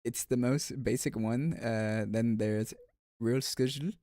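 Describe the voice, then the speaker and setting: A man's voice: medium pitch, fairly even intonation, slow pace, dark tone, no echo, clean studio sound. A man streaming and chatting casually with viewers, rambling with frequent restarts and filler words. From United States.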